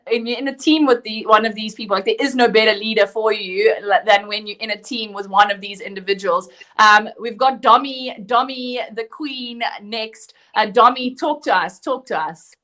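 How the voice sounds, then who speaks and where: A woman hosting a coach panel, enthusiastic and quick to laugh as she introduces speakers. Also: on the high side, fairly bright tone. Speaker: host. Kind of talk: panel moderation.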